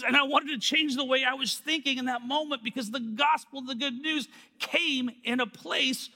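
Male preacher, high bright voice, lively storyteller who acts out quotes, reverberant hall. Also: moderate pace. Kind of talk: sermon storytelling.

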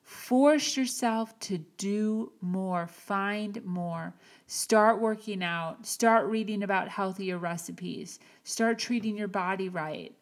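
Slow, earnest woman podcaster. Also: mid-range voice. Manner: earnest, encouraging, slow and emphatic. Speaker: podcast host. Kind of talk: motivational monologue.

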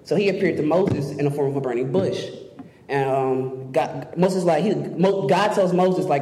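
A young man giving an excitable youth sermon to fellow students, rushing ahead as he talks. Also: fairly high pitch. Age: young adult. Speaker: student speaker. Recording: echoey hall with faint noise.

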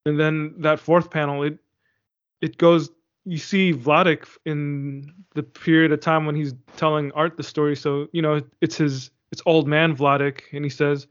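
A man chatting casually about a book, his voice smooth and resonant and pitched a little high for a man. He talks hesitantly, stopping and restarting as he searches for words. The recording sounds dull and lo-fi. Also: little pitch movement, a little slow. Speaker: discussion participant.

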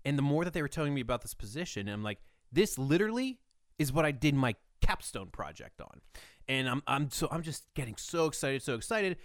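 A man's voice: mid-range voice, very animated, a little fast, dry recording. Earnest young man, dry close sound. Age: young adult. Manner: earnest, repeats words as he restarts. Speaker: podcast co-host. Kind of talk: casual chat.

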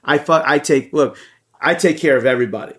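A man co-hosting a podcast, telling a story in casual chat with heavy swearing and animated energy. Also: fairly high pitch, a little fast. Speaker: podcast co-host.

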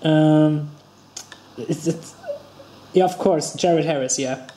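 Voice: mid-range voice, slow pace, echoey room, background noise. A podcast co-host chatting about films, hesitant and often searching for names. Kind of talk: casual chat about films.

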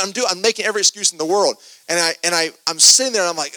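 A man preaches in a lively, storytelling way, often stumbling over repeated starts as he builds the scene. His voice is bright and forceful, sitting a bit high for a man. It's recorded close and dry, with no room sound. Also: rapid-fire, no room sound. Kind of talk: sermon storytelling.

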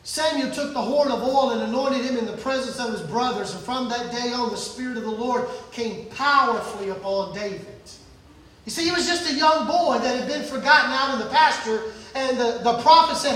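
A male preacher delivers an animated sermon and acts out each scene as he tells it. His voice sits very high and bright. It echoes heavily and sounds far from the mic. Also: brisk, a little hiss or hum.

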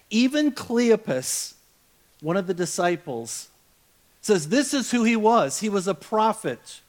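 A male pastor giving a sermon in a relaxed storytelling way, often acting out the voices of the people he quotes. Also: high voice.

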